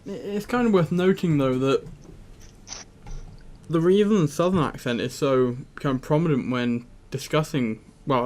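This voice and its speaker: Guy w a higher voice making a calm point in a chat. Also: slight background noise. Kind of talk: casual political chat.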